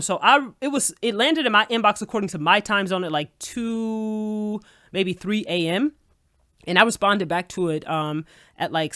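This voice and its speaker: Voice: medium pitch, a bit bright, dry recording, studio quality. A vlogger telling a personal story as a casual, indignant rant, swearing freely and talking straight to the viewers. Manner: profane, indignant, addresses viewers as y'all.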